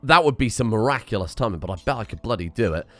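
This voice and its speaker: A man giving excitable, self-mocking commentary while playing a game, thinking aloud and swearing. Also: lowish voice, fast, dry recording, soft background music. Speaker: gaming streamer. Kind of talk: casual gameplay commentary.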